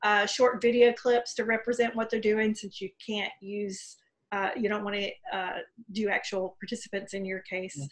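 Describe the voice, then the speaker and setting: A woman's voice: medium pitch, little pitch movement, normal speed. A woman hosting a casual interview over a video call, chatty and encouraging, laughing easily as she asks about training. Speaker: host.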